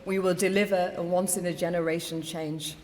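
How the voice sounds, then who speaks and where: A woman's voice: lowish voice, flat delivery, fairly quick. Middle-aged woman giving a rallying victory speech. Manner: emphatic, rallying declarations. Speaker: newly elected mayor. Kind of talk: victory speech at an election count. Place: election count hall, indoors. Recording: long reverb of a large hall.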